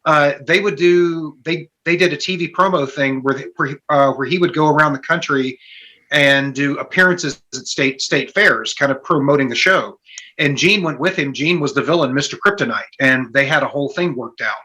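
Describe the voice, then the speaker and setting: Guy telling a stunt story on a podcast, kinda high bright voice, does little voices for the quotes. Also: moderate pace, rough recording. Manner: animated anecdote-telling, acts out quotes. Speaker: guest stunt performer.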